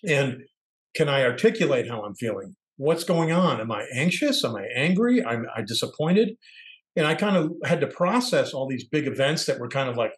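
A man's voice: mid-range voice, sing-song, normal speed, rough recording. Candid middle-aged man, reflective podcast talk. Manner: candid, searching, acts out quoted voices. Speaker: podcast co-host.

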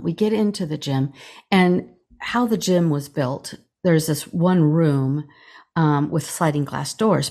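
A middle-aged woman, a chaplain guesting on a podcast, telling a personal story in a halting way with many pauses and restarts while acting out the dialogue. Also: low voice, gravelly, dark tone, slightly rough. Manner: halting retelling, many fillers and restarts, acts out quoted dialogue.

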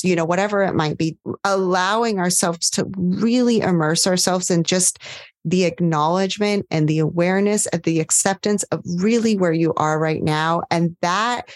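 A woman coach as a podcast guest, talking gently and soothingly, full of warm affirmations. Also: lowish voice, normal speed, no room sound, studio quality. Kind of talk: podcast interview.

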